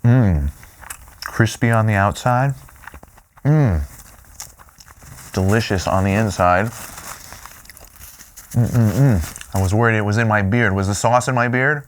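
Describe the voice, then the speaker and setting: A man hosting a food tasting show, playful and excitable, humming with delight between bites. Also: fairly low pitch, slow, long pauses, slight background noise. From Louisiana, US.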